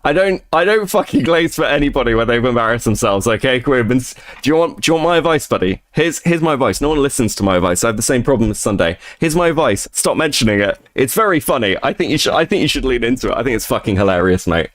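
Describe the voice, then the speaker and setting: A man's voice: mid-range voice, animated, fast talker, hardly any pauses. A man streaming live, ranting casually and profanely about online drama.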